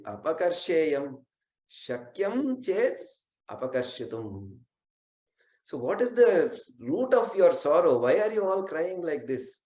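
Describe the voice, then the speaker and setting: A man's voice: fairly high pitch, a little mellow. A man voicing a noble queen mother who kindly asks about a family's sorrow and offers help. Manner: concerned, kind questioning. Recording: roomy echo.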